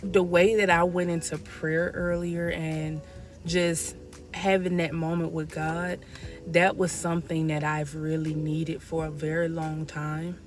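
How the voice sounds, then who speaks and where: A woman's voice: low-pitched, level tone, a little slow, soft background music. A woman vlogging from her parked car in a loose, rambling way, with a habit of repeating "like I said.". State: out of breath. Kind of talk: casual talk to camera.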